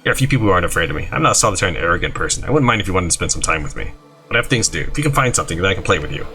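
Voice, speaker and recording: Faint music sits behind this gaming YouTuber as he rattles along rapid-fire in a low voice. He's reading a video game's dialogue aloud while he plays, lively and switching between character voices and side comments.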